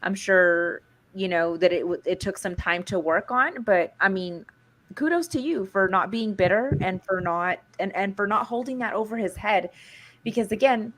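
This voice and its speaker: Woman co-host, mid-pitched, encouraging, talkative. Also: moderate pace. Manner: warm, supportive and chatty. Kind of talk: casual chat.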